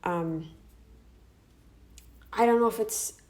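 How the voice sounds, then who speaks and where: A woman's voice: medium pitch, slow, a little mellow. A tired, tearful woman venting in a personal vlog from her bedroom, sighing and restarting as she talks. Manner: upset, venting, with restarts and sighs. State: tearful, exhausted. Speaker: vlogger. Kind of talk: emotional personal vlog rant. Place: bedroom, indoors.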